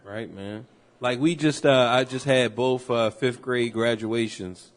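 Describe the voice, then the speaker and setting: A man co-hosting a podcast, telling stories in loose, animated casual chat full of slang and swearing. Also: medium pitch, measured pace. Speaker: podcast co-host.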